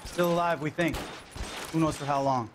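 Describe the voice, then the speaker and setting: An actor playing a male police officer briefing a detective in a game, brisk and matter-of-fact. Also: on the high side, fairly even intonation, lightly acted. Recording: game audio with background noise.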